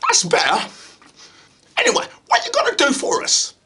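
A rowdy boxer who shouts his way through an audition, as a man puts him on. His voice is pitched high and leaps all over the place, with a sharp, bright edge. It plays as a comic sketch. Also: normal speed, exaggerated voice. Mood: boisterous. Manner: loud, excitable, shouting. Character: boisterous Scottish male boxer turned actor.

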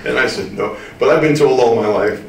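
An older man's mid-range, vocal-fry voice comes through a noisy background. He's a Midwestern voice actor being interviewed, telling stories casually in a slow, emphatic drawl, captured by a distant mic in a roomy room.

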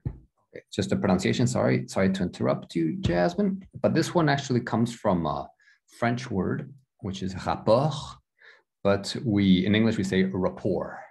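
A man's voice: on the low side, expressive, normal speed, gravelly, a little mellow. A man teaching an online English class, encouraging and explaining with examples. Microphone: video call.

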